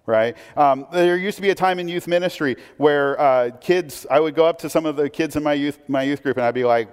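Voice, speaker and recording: A male pastor delivers a relaxed, conversational sermon, rambling a little with fillers and self-deprecating asides. His voice sits at an ordinary middle pitch. The church hall gives it a long, trailing reverb. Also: fairly quick, hardly any pauses, clean tone. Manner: chatty, self-deprecating, many fillers and restarts. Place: church sanctuary.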